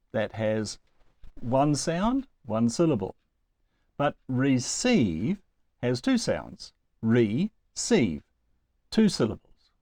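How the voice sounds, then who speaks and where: Man teaching Greek with lively pitch. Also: no room sound, studio quality. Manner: slow, deliberate over example words, with chuckles. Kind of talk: recorded lecture.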